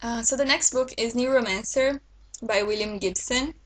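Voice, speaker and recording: A woman's voice: a little high, normal speed, poor audio. A woman vlogger chatting casually to her viewers about new books, enthusiastic and talkative. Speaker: book vlogger. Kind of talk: casual book haul chat to camera.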